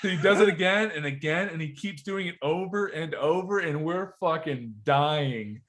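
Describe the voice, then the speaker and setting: A man guesting on a podcast, telling stories in casual, profane, animated chat. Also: fairly high pitch, moderate pace.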